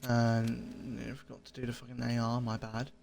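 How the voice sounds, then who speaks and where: A man's voice: mid-range voice, monotone, vocal fry, noisy background. Laid-back man rambling through a review. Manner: easygoing and rambling, often pausing with fillers. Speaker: gaming video creator. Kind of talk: casual game item review commentary.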